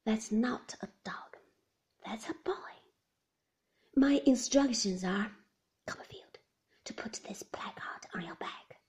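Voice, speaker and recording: A woman reading aloud and voicing a grave, gentle male schoolmaster who speaks quietly. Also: a little high, slow, long pauses, whispered.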